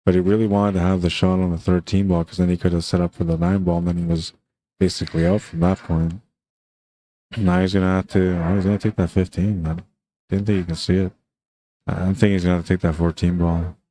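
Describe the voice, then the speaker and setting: A man with a low, dark, mellow voice calls a pool match in a relaxed, chatty way. He talks casually to viewers, tossing in "man" and easy asides between shots. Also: fairly quick, a little hiss or hum. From Canada. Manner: laid-back, chatty, says "man" often. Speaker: pool commentator. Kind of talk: casual live commentary.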